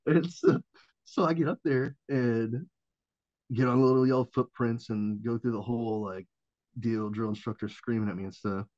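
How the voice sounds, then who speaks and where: A man's voice: mid-range voice, steady tone, normal speed, a little mellow, no echo. A man in his thirties, a Marine veteran and former corpsman, telling a story as a podcast guest in a loose, profane way, acting out the people he quotes and laughing often. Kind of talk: casual storytelling. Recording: dull dry lo-fi sound.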